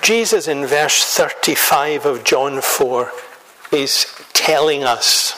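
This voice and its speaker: A man from Scotland delivers a sermon with a somewhat higher voice. He preaches in a measured, emphatic way, stacking rhetorical lists and questions. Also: bright, forceful tone, low-quality recording.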